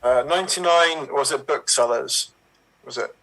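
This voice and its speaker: A man's voice: mid-range voice, moderate pace, a bit bright, low-quality recording. A man in an improv game telling joke setups hesitantly, stopping to correct himself. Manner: hesitant, with ums and self-corrections. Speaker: improv performer.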